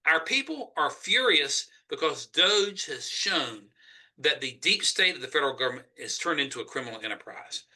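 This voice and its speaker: A man's voice: a little high, lively intonation, moderate pace. A man with a Southern US accent, speaking emphatically as a Senate candidate in a political interview. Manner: emphatic, forceful argument.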